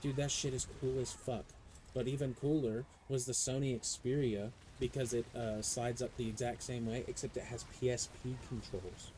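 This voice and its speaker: A young adult man streaming a game, chatting casually and ranting in profane, animated stories. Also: medium pitch, normal speed, a little hiss or hum, low-quality recording. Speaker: live streamer. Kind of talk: casual chat while gaming.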